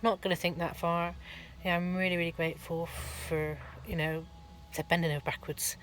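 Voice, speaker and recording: A woman's voice: fairly low pitch, flat delivery, brisk, hardly any pauses. A middle-aged woman, giving a rambling, chatty vlog update from her van at a garage, full of ums and restarts. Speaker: van life vlogger.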